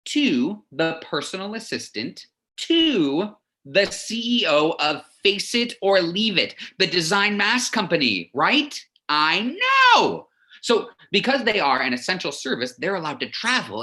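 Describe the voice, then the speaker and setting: A man's voice: high-pitched, bright, forceful tone, exaggerated voice. A man playing a gushing, lovesick son. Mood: excited. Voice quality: gushing, rambling, quick to confess. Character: lovesick, lonely, chatty young man in lockdown. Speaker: son leaving a video message for his mother. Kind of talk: theatrical monologue.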